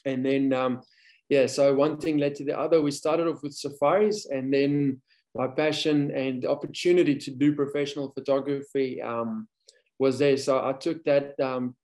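A man's voice: mid-range voice, steady tone, normal speed, a little mellow. A man raised in South Africa, a safari photo guide, talking as a guest in a casual interview with many fillers and restarts.

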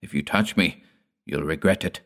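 A man's voice: very deep voice, normal speed, a bit bright. A man voicing a stern, pale old man who speaks curtly in a hollow voice. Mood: menacing. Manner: curt, commanding.

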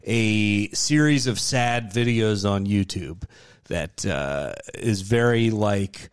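A man guesting on a comedy podcast, speaking in a hesitant, halting way in casual chat. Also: on the low side, clear, resonant tone, no echo, clean studio sound.

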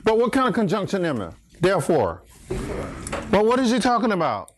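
A man's voice: sits high, wildly swooping pitch, brisk, background noise. A middle-aged man leading a Bible study in church, joking and teasing his listeners and laughing often. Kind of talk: playful Bible study teaching.

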